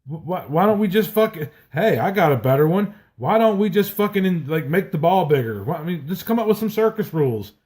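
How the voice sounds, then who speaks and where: A man's voice: high-pitched, expressive, a little fast, few pauses, a little mellow. A man from South Carolina ranting about baseball on a podcast, heated and swearing constantly. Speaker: podcast co-host. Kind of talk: profane sports rant.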